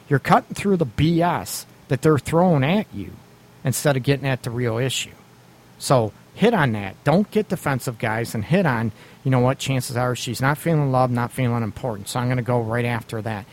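A man's voice: medium pitch, normal speed. Blunt, laughing radio advice man. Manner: blunt, animated, laughs often, mild swearing. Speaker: radio show host giving relationship advice. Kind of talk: casual radio advice talk.

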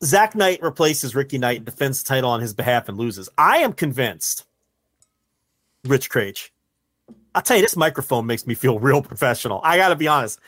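A man's voice: medium pitch, big pitch swings, normal speed, a bit bright, no room sound, studio quality. Teasing, joking man with an Ohio accent. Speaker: podcast co-host. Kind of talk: casual chat.

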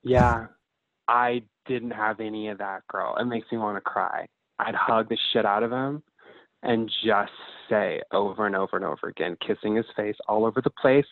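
A man of about thirty speaks as a podcast guest in a low, earnest voice, heartfelt and open, dropping the odd swear word. His voice comes over a tinny, phone-like line that is dry, with no room sound. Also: normal speed, gravelly, no room sound. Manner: heartfelt, expressive, swears casually. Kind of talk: emotional casual chat.

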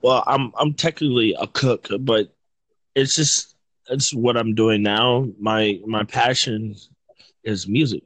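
A man's voice: medium pitch, slow, dry recording, rough recording. A man from Virginia, hosting a casual chat and rambling as he searches for words. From Virginia, United States. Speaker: host.

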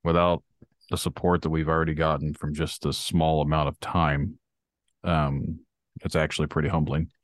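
A man's voice: a bass voice, little pitch movement, normal speed, no echo. A man co-hosting a podcast, talking in a casual, earnest, drawling way and ranting at times. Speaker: podcast co-host.

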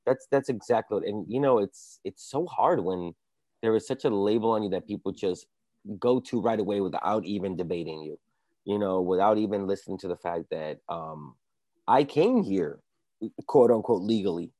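A man's voice: lowish voice, lively intonation, normal speed, warm tone, dry recording. A man from the Dominican Republic, a comedian guest, telling his own story in an earnest, casual way. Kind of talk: casual conversation.

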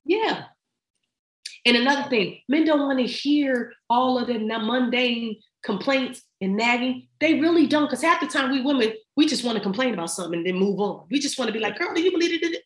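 A woman's voice: a little high, brisk. A middle-aged woman talking as a podcast guest in casual chat, emphatic and slangy as she gives advice. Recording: roomy echo.

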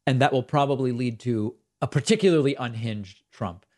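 A man's voice: medium pitch, moderate pace, a little mellow. Sarcastic male political talk host. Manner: sarcastic, conversational, with fillers and asides. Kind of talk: opinionated political commentary.

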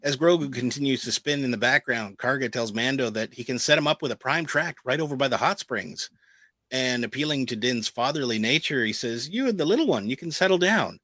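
A man co-hosting a podcast, reading a plot recap in a steady narrating tone with quick casual asides. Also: mid-range voice, no echo, low-quality recording. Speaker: podcast co-host recapping an episode.

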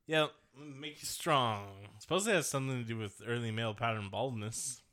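A young man chatting loosely as a podcast co-host, with a bright, forward tone. He rambles from one thought to the next, laughs often and swears without a second thought. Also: medium pitch, a little fast. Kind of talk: casual chat.

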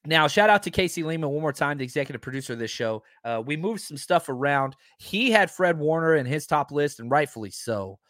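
A man hosting a sports talk show, talking casually and excitedly, stressing his points by repeating them. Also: fairly high pitch, a little fast, hardly any pauses, dry recording, clean studio sound. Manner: excitable, emphatic, keeps repeating himself.

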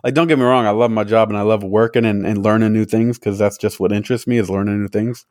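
A man's voice: on the low side, steady tone, quick pace, darkish tone, dry recording, studio quality. Young man rambling in casual podcast chat. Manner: rambling, many "like" fillers, laughs easily. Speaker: podcast co-host.

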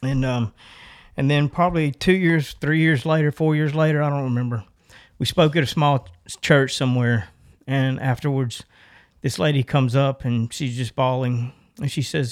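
Laughing often, a middle-aged podcast co-host works through a long anecdote, voicing each person in it himself. He speaks at normal speed in a mid-range voice, keeping things casual and animated.

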